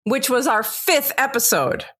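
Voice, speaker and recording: A woman's voice: sits high, expressive, a little slow, a bit bright. A woman co-hosting a podcast in casual, chatty talk, laughing off her own slips. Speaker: podcast co-host.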